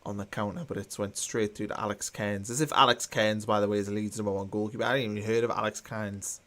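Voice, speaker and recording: A man's voice: fairly low pitch, fairly even intonation, fast talker, fairly bright tone. Chatty man. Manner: chatty, reads viewer comments aloud, mildly sarcastic. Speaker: watchalong host. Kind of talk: live football watchalong commentary.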